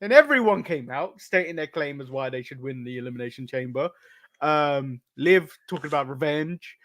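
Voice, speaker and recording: English guy co-host, high voice, laughs easily, casual recap chat. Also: expressive, normal speed, a bit bright. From England. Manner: laughs often, recaps events in a loose, chatty way. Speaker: podcast co-host.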